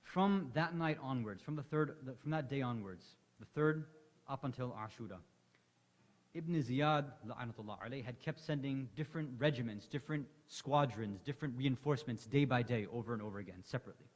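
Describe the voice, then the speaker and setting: A man with a mid-range voice speaks fairly quickly as he lectures, delivering an impassioned Muharram sermon to a congregation in a large hall at an Islamic center. He tells the story with rising emotion, and long hall reverb fills the recording.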